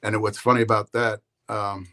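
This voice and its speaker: A man hosting a podcast, talking in a loose, rambling way with animated storytelling and frequent restarts. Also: on the low side, normal speed. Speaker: podcast host. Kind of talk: casual rambling monologue.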